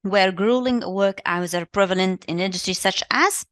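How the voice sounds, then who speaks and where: A woman with a Tunisian accent leads a live revision lesson, walking her students through exercises in English. Her voice sits in a mid range and comes across dry and close, with no room sound. She keeps repeating the answers and heaping on quick praise. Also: mid-range voice, fairly bright tone, no echo. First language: Tunisian Arabic. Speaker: English teacher.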